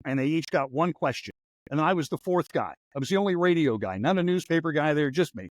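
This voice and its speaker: A man's voice: a little high, expressive, fast, no echo. A man in his sixties, a former radio newsman hosting a podcast, telling stories in a rambling, wry, anecdotal way. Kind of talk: casual storytelling chat.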